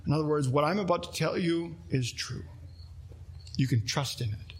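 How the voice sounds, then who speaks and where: A man's voice: a little high, moderate pace, a little hiss or hum. A man preaching a sermon as pastor, earnest, reading scripture aloud and asking his listeners questions.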